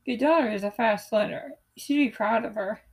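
Kindly male ballet instructor, firm and encouraging, read plainly by a woman in her own higher voice. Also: fairly quick, creaky, low-quality recording. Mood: firm, praising. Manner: firm, praising teacher's tone.

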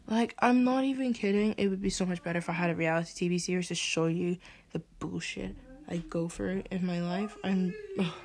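A woman's voice: lowish voice, fairly even intonation, a little fast, a little mellow. A young woman, venting and swearing as she hosts a podcast. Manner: exasperated ranting, swearing. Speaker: podcast host. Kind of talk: venting monologue.

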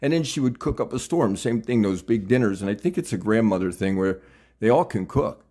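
A man's voice: on the low side, animated, a little fast, dark tone. A man in his sixties, chatty and enthusiastic, interviewing in a casual conversation and laughing often.

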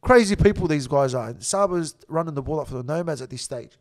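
A middle-aged Australian man telling a story as a podcast guest, blunt and animated, swearing heavily. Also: a little high, quick pace.

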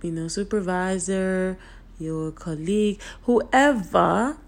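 Taking it slowly in a mid-range voice, a woman from Nigeria speaks earnestly and emphatically to her viewers in a motivational talk, repeating the key points. Her voice is a little off today.

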